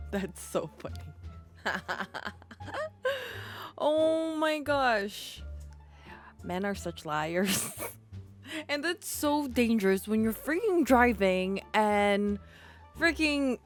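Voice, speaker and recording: High, lively woman streamer. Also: soft background music. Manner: laughs often, drawn-out exclamations. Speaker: streamer reacting to clips. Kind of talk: reaction stream commentary.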